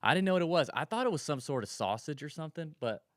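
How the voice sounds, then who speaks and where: A man's voice: on the high side, lively intonation, fast, dry recording, studio quality. A man co-hosting a podcast in casual chat, rambling through stories with frequent restarts. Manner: chatty, rambling storyteller with restarts. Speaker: podcast co-host.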